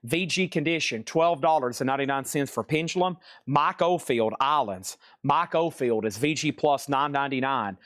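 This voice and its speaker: This record seller runs his live vinyl sale with folksy, wandering chatter, now and then humming bits of tunes. He speaks at a moderate pace with few pauses, his mid-range voice a touch bright, on a dry, clean studio recording.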